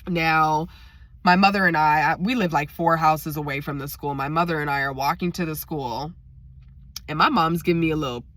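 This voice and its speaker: A woman telling a personal story in a direct, animated, chatty way. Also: low-pitched, moderate pace. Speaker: vlogger. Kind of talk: casual storytime.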